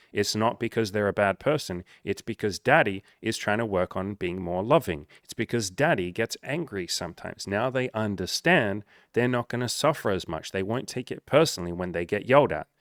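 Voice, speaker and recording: A young dating coach reads client messages in a casual monologue, blunt, energetic and full of swearing. His voice is lowish, and the recording has clean studio sound with no room echo.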